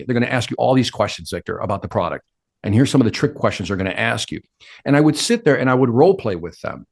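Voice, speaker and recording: Lively fast-talking man. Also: medium pitch, gravelly. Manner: animated, acts out quotes and inner talk. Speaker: sales speaker and interview guest. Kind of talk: energetic interview answers.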